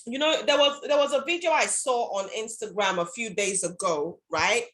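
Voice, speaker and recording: A woman's voice: fairly high pitch, moderate pace, fairly bright tone. A woman hosting a casual chat, retelling a story she saw online. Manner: retells stories, acting out the voices in them. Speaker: host.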